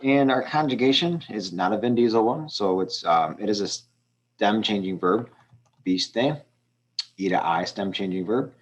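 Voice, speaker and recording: A male teacher with a notably low, deep voice walks students through practice exercises in a screen-recorded lesson. He talks in a relaxed, unscripted way, filling pauses with ums as he explains each step. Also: lo-fi sound. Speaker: Spanish teacher.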